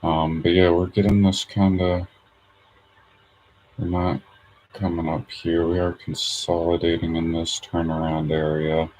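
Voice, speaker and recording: A man's voice: low voice, little pitch movement, measured pace, a little mellow, a little hiss or hum, rough recording. A man streaming his trading session, thinking aloud in a casual, hesitant way with lots of fillers. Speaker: day trader streaming his charts.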